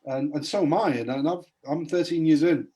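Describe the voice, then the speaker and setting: A man's voice: on the high side, fairly quick, warm tone. A man giving a spoken testimony as a podcast guest, earnestly retelling a Bible story in a preacher-like way.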